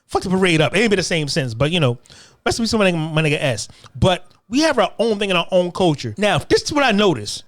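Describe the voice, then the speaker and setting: Heated profane man ranting, high lively voice. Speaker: commentary channel host. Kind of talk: ranting commentary.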